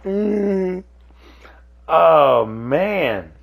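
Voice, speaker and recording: A man's voice: fairly high pitch, sing-song, drawn-out words, gravelly. A man, ranting casually to camera, rambling and cursing with many restarts. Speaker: host. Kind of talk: casual solo rant to camera. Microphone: camera on a device, close.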